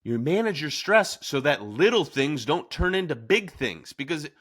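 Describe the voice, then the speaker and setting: A man's voice: on the high side, big pitch swings, normal speed, a bit bright. A man hosting a podcast in a casual discussion, telling stories with animation and acting out quoted lines. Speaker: podcast host.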